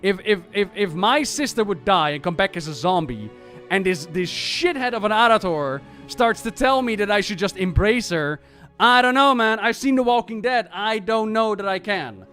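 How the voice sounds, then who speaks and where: A man streamer chatting casually about game lore in an animated, ranting and profane way. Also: high voice, normal speed, faint music behind.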